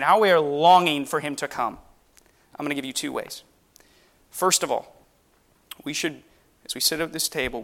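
A man's voice: medium pitch, creaky, a bit bright. A man preaching a sermon on the Lord's Supper, earnest and emphatic, asking the congregation rhetorical questions.

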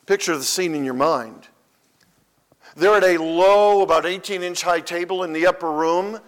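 A man's voice: sits high, normal speed. A man preaching a sermon as pastor, emphatic and repeating key phrases for weight.

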